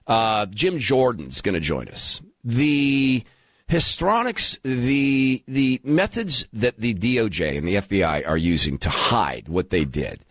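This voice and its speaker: A man around fifty hosting a talk radio show, emphatic and animated, taking calls. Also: on the low side, measured pace, dry recording. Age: 50s. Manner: animated, emphatic, turns emotional. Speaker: guest radio host. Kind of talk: talk radio monologue and call-in.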